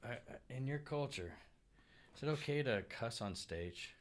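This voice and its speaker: A man hosting a casual panel chat, talking haltingly with many pauses and restarts. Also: mid-range voice, animated. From United States. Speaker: podcast host.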